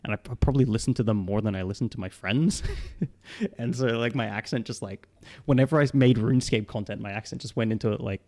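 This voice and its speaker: A young man with a mixed Australian and British accent talks a little fast in a lowish voice with a darkish tone. He's a psychologist fielding questions on a casual live stream, rambling with plenty of fillers and laughing often.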